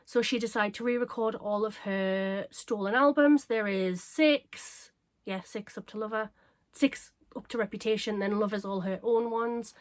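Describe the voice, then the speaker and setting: A woman chatting casually to camera as a craft vlogger, bubbly and self-mocking, her voice a little croaky. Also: mid-range voice, moderate pace. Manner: bubbly, excitable and self-deprecating. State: slightly croaky.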